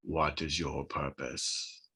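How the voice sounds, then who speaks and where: A man voicing a terse, literal AI that speaks in a slow, booming way. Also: level tone, creaky, bright, forceful tone, slightly rough, heavily acted. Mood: commanding.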